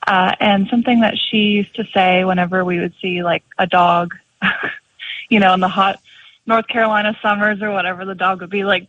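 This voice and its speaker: A woman's voice: mid-range voice, fairly bright tone. A young woman calling in to a radio show, chatty and full of fillers as she tells a story. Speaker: caller. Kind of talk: phone-in chat. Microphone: telephone. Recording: slightly muffled phone call.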